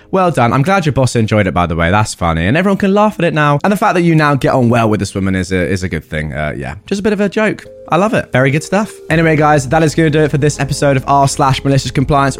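A man hosting a channel, reading stories aloud and joking about them afterward in a lively way. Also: a little high. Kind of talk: storytelling narration with commentary.

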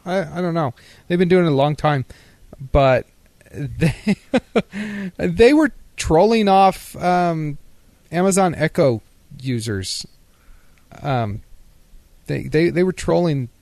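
A man's voice: fairly high pitch, creaky, darkish tone, dry recording. Sarcastic joking male podcast co-host. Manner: joking, sarcastic, laughs often. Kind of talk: casual chat.

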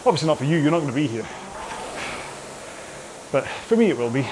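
A man's voice: fairly high pitch, very animated, brisk, noisy background. A man coaching an indoor rowing workout while rowing, chatty and rambling, often mocking himself.

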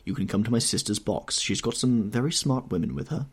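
A man voicing a worldly, cynical aristocratic English gentleman in an audiobook reading, with a husky tone and an urbane, offhand manner. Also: mid-range voice, a little fast.

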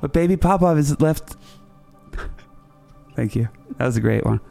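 A man's voice: mid-range voice, expressive, normal speed, gravelly, dark tone, faint music behind. A man hosting a comedy podcast, telling a rambling story in a playful way and correcting himself as he goes. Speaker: podcast host. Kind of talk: comic storytelling.

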